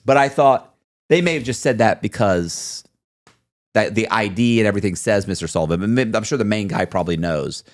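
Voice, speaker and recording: Man, low voice, dry close sound, lively storytelling, acts out quotes. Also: fairly quick, no room sound. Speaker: podcast guest. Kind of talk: storytelling interview.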